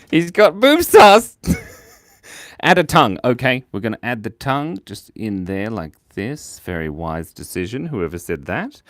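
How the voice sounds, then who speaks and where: A playful Australian man chats his way through a live drawing session, cracking jokes and answering viewers as he goes. His mid-range voice swoops up and down with lively energy, and the recording is close and dry with no room sound. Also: medium pitch, dry recording. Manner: playful and jokey, reading out viewer chat. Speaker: host of a live drawing stream. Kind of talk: casual live-stream chat while drawing.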